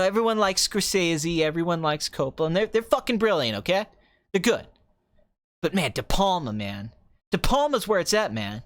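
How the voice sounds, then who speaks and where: A man's voice: sits high, no room sound. A man doing a hyper, cocky film director rant. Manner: fast ranting, jumps from calm to excited, swears. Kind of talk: comedic impression.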